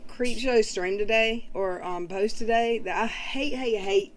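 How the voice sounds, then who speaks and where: A woman's voice: medium pitch, measured pace. A woman hosting a casual livestream, rambling with fillers as she reads and answers chat comments. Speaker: livestream host.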